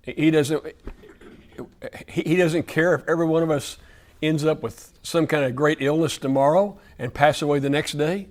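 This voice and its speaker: A man's voice: on the high side, normal speed. A man leading a Wednesday night Bible study before a church audience, speaking emphatically with lots of repetition and slipping into folksy storytelling.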